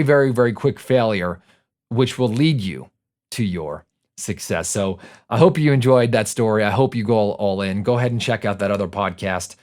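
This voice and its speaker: A man's voice: on the low side, darkish tone. A middle-aged man hosting a podcast, telling a casual story in a conversational way and often checking in with the listener. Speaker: podcast host.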